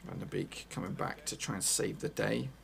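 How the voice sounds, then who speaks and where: A man commentating his own football video game live, excitable and casual, swearing and talking to his viewers. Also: lowish voice, normal speed, creaky. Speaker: gaming YouTuber.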